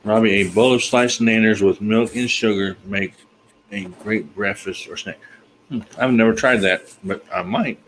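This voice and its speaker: A man's voice: fairly low pitch, moderate pace, a little hiss or hum, rough recording. A man hosting a casual live chat on a video call, folksy and easygoing. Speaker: livestream host.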